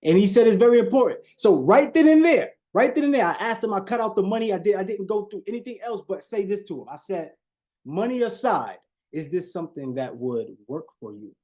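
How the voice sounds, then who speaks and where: Guy with coaching sales on a live call, kinda high but mellow voice, preachy, keeps saying y'all. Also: animated, a little fast. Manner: preachy, repeats phrases, shifts tone on purpose, talks to audience as y'all.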